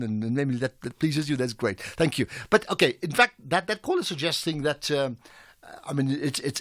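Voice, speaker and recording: A man's voice: medium pitch, a bit bright, no echo, clean studio sound. A man hosting a live radio talk show, chatty and self-mocking with frequent restarts. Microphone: studio microphone.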